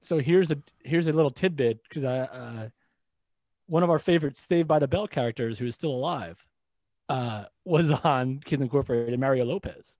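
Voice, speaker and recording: A man's voice: mid-range voice, moderate pace, a little mellow, no room sound. A man co-hosting a casual podcast, rambling and jokey about pop culture. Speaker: podcast co-host.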